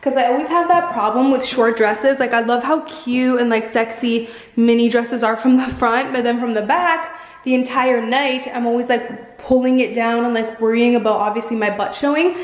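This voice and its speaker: A woman with a fairly high voice talks through a try-on clothing haul in an eager, casual way, sprinkling in "like" as she goes. Her voice bounces around a roomy space. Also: normal speed. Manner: chatty, enthusiastic, lots of "like". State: slightly out of breath. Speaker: fashion vlogger. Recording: echoey room.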